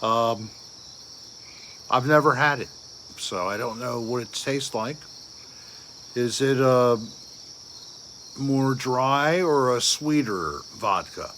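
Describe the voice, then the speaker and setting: A man's voice: mid-range voice, slow, pauses often, fairly bright tone, slight background noise. A man hosting a casual late-night livestream, rambling and answering viewer comments aloud. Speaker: livestream host reading viewer chat.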